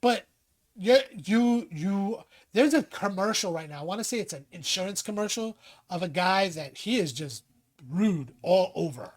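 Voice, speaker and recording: A man's voice: high voice, moderate pace. A man co-hosting a podcast, chatting casually, telling stories and acting out quotes with laughs. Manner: animated storyteller, acts out quotes; laughs often. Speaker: podcast co-host. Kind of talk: casual chat.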